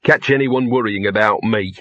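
A male narrator doing a scruffy, cheeky talking dog for a storybook, voice pushed well up and loud with a coarse edge. The tone is husky and the recording sounds dull and dry. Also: on the low side, moderate pace, no echo. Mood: grumbling.

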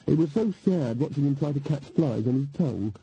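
A man's voice: a little high, animated, a little fast, dark tone, dull audio, slight background noise. A man voicing an earnest, somewhat gloomy young woman witch with a plaintive manner, read as an audiobook character.

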